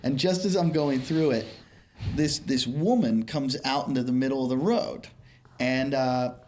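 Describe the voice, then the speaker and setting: A comedian in casual chat, telling a rambling story. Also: male voice, medium pitch, unhurried, a little mellow.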